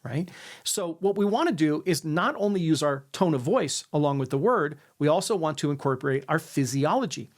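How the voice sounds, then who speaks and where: A man with a somewhat raised pitch delivers an instructional lesson on persuasion. He often checks in with "right?" and deliberately lets his sentences drop at the end. The delivery is that of a coach talking straight to camera. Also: expressive. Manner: demonstrates intonation, ends sentences on a lower note; tags questions with "right?". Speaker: sales and influence coach.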